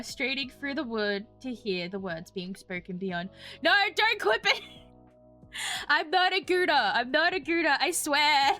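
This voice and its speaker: A woman's voice: fairly high pitch, bright, forceful tone. A woman streaming a story game, giggly and self-mocking, reading the narration aloud and chatting.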